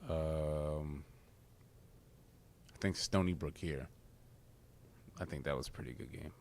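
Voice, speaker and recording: A man's voice: a bass voice, slow, darkish tone, a little hiss or hum. A young man, a college basketball player, giving short, easygoing interview answers. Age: young adult.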